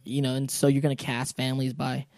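A man's voice: mid-range voice, fast, no echo, studio quality. A man talking as a voice actor guest in a casual podcast chat, acting out quotes with lots of fillers and restarts. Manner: animated, acts out quotes, many fillers and restarts.

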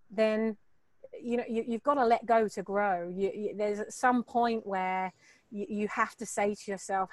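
A middle-aged woman, a guest entrepreneur, telling her story in a candid, animated way, swearing and laughing as she acts out quoted voices. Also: medium pitch, moderate pace, dry recording.

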